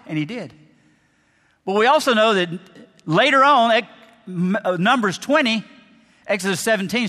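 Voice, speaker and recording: A male preacher delivering a sermon with lively, animated storytelling. His voice sits a little high and sounds bright and forceful. A long hall reverb trails each phrase. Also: moderate pace, pauses often. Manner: animated storytelling, mock commercial voice.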